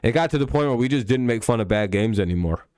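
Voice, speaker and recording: A man's voice: mid-range voice, lively intonation, fast, darkish tone, clear, resonant tone, no echo, studio quality. A man hosting a casual football preview stream, joking and rambling with frequent swearing. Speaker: sports streamer. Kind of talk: casual NFL preview chat.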